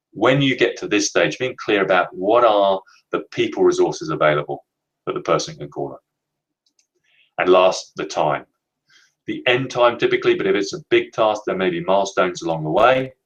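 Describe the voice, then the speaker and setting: A man presenting a leadership training webinar, explaining in a measured, emphatic way and slowing down to stress key words. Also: low-pitched, muffled recording.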